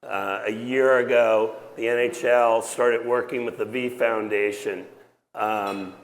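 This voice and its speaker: A sports team executive speaking on an event panel before a live audience, measured and pausing with fillers. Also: male voice, medium pitch, steady tone. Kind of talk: speech on a panel. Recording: long hall reverb, crowd murmur.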